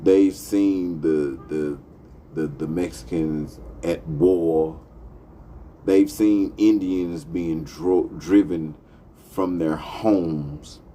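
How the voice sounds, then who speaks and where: A man's voice: deep voice, steady tone, extremely slow, warm tone, a little hiss or hum. A man hosting a talk show, delivering a profane, impassioned monologue. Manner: profane, heated, emphatic. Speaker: podcast host.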